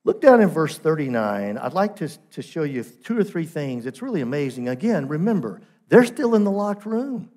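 A man's voice: a little high, sing-song, normal speed, few pauses, darkish tone. A man preaching a sermon as pastor, emphatic, asking rhetorical questions and repeating phrases for emphasis.

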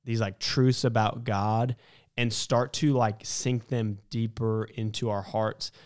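A man's voice: lowish voice, level tone, takes it slowly, smooth. A man co-hosting a church podcast, talking in an earnest, encouraging way about spiritual practices. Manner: earnest, encouraging, reads a quote aloud. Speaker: podcast co-host. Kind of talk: casual church podcast discussion.

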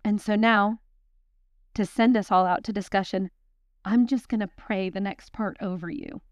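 A woman's voice: mid-range voice, fairly even intonation, normal speed, no room sound, clean studio sound. A young woman teaching a Bible study, talking in a chatty, intense, self-deprecating way, then praying over the group. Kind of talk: sermon with closing prayer.

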